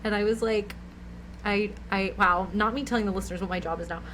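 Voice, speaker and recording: A woman's voice: mid-range voice, fairly even intonation, a little fast, fairly bright tone, a little hiss or hum, poor audio. A young woman co-hosting a podcast, telling a rambling, giggly anecdote full of "like"s in casual chat. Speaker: podcast co-host.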